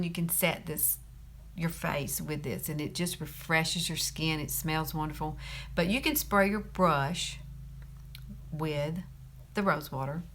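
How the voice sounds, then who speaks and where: A woman's voice: fairly low pitch, a bit bright, slight background noise. A woman in her fifties from Alabama with a Southern accent, chatting through a makeup tutorial, laughing often and saying y'all. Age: 50s.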